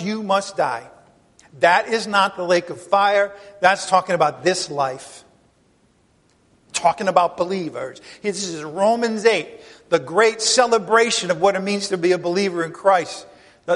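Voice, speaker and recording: A man's voice: high-pitched, fairly bright tone, long reverb tail. A man preaching a sermon, emphatic and full of rhetorical questions to the congregation. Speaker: pastor.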